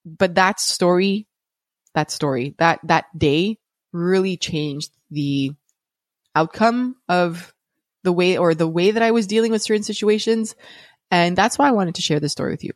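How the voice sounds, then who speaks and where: A woman's voice: fairly low pitch, unhurried, dry recording, clean studio sound. A woman hosting a podcast, telling a personal story in a candid, conversational way with restarts. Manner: candid and conversational, with frequent restarts and light laughs. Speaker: podcast host and parent.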